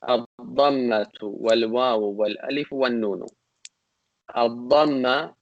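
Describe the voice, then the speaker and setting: A man's voice: medium pitch, lo-fi sound. Man teaching grammar over a video call. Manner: hesitant, many fillers and restarts, explains patiently; recites classical Arabic text in rapid bursts. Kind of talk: online class lecture.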